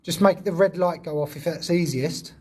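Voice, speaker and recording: A man's voice: a little high, moderate pace, darkish tone. A man making a ghost-hunting vlog in an old prison. He talks casually to camera, calls out to spirits and sounds nervous and jumpy. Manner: jumpy, nervous, swears when startled. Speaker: paranormal investigator vlogger. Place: old prison building indoors. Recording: echoey indoor space with faint ambience.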